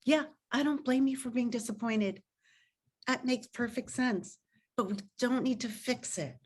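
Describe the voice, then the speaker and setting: A woman's voice: on the high side, measured pace, husky. A middle-aged woman, a parenting author and coach, giving earnest advice over a video call and acting out what a parent might say. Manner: earnest, acts out parent and child quotes.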